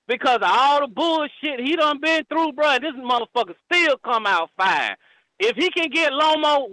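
High-pitched slangy male caller. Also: dry recording, rough recording. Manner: profane, slangy, animated. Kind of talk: casual boxing chat.

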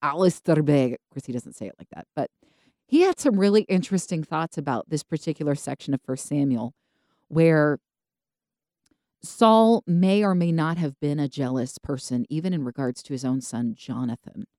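A woman co-hosting a podcast, telling Bible stories casually and acting out the characters in quick voices. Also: deep voice, no room sound, clean studio sound. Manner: animated storytelling, acts out biblical characters in quick voices. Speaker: podcast co-host.

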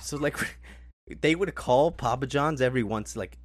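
A man's voice: medium pitch, normal speed, no echo. A man co-hosting a casual podcast, telling a prank story and laughing a lot as he acts out the voices of the people in it. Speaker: podcast co-host. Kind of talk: casual chat.

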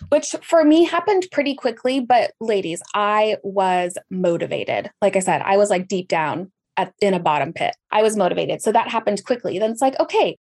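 A woman's voice: medium pitch, darkish tone. A woman telling her story in a casual podcast conversation, with sudden jumps up in her voice for emphasis.

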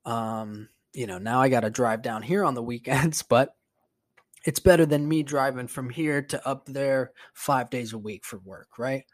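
A man's voice: medium pitch, a little slow. A man hosting a podcast, telling a rambling, profane story in a casual monologue, sounding exasperated. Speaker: podcast host.

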